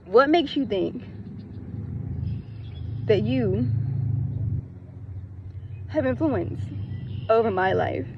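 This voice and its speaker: Blunt, gravelly-voiced woman. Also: on the high side, expressive, very slow, long pauses, lo-fi sound, noisy background. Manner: blunt and emphatic, repeats lines, swears; breaks into laughter. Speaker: spiritual content creator. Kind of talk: casual spiritual talk to camera.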